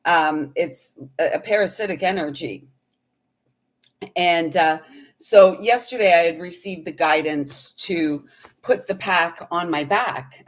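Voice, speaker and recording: A woman with a lowish voice talks through a spiritual experience in an earnest, rambling way. She takes her time and often pauses to find her words. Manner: meandering, earnest, speaks of feelings. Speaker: intuitive healer and reader. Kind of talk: casual spiritual storytelling.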